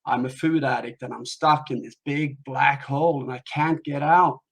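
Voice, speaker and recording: A man's voice: medium pitch, fairly even intonation, normal speed, vocal fry, a bit bright. A man voicing a desperate male food addict stuck in a hole, begging for help. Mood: pleading. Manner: pleading, repetitive cries for help.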